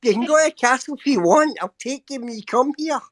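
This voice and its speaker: A man's voice: very high voice, lively intonation, fast, fairly bright tone, no room sound. Scottish guy from glasgow, chatty and joking, dry close sound, on a video call. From Glasgow, Scotland. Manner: chatty, playful with local slang. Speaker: panel guest. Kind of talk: casual group video chat.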